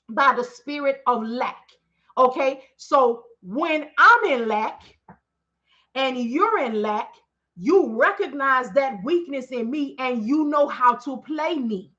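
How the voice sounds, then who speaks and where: Woman, high bright voice, preachy testimony, lo-fi stream audio. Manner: preachy, emphatic, call-and-response asides. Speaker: business owner speaking to followers. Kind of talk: live-stream testimony to followers.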